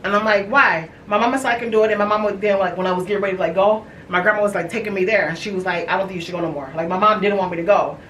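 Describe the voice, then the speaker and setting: A woman in her thirties speaks candidly and haltingly, stopping and restarting as she tells a personal family story. She sits some distance from the mic in an echoey room, with a faint hiss underneath. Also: medium pitch, steady tone, fairly bright tone. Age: 30s. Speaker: podcast host.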